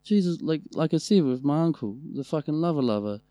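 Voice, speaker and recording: A man's voice: a little high, a little fast, no room sound. A man with a New Zealand accent telling funny family stories in casual chat, swearing freely. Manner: swearing, animated storytelling. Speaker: podcast co-host.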